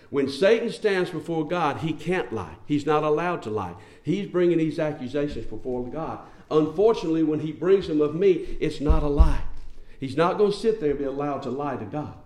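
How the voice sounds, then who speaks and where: A man's voice: fairly high pitch, darkish tone, echoey room. A man preaching a sermon in an emphatic, conversational way, often asking his listeners rhetorical questions.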